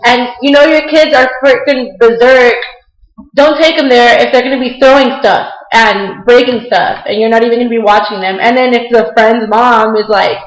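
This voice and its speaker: A woman's voice: fairly high pitch, fairly even intonation, moderate pace. A young woman vlogger complaining in chatty, indignant casual talk. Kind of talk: casual rant. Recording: echoey room.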